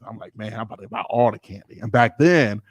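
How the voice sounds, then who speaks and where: A man and pastor telling a personal story casually, animated and informal, acting out the people he quotes. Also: lowish voice, fast, no echo.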